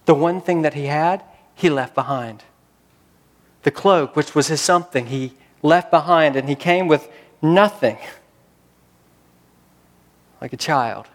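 A man preaches a sermon in a relaxed, conversational way. His voice sits slightly high, and he mixes scripture reading with rhetorical questions. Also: a little slow, long pauses, big-room sound. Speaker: pastor.

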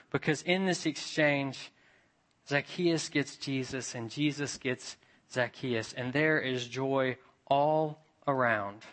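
A man's voice: medium pitch, a bit bright. A man preaching a sermon in a storytelling way. He often puts questions to his listeners and briefly acts out the voices of the people in his story. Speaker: pastor.

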